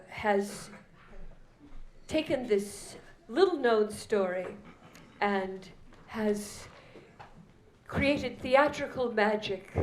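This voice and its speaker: A woman hosting a benefit evening, unhurried as she introduces performers to a live audience. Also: medium pitch. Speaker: event host. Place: event hall with live audience. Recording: roomy hall echo.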